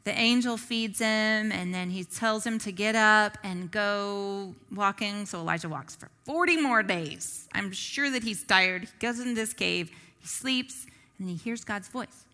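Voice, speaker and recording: In a large hall, a woman gives a conversational Bible teaching, a bit slow, with a sharp tone in her mid-range voice. She poses rhetorical questions to the audience and keeps checking in with "right?".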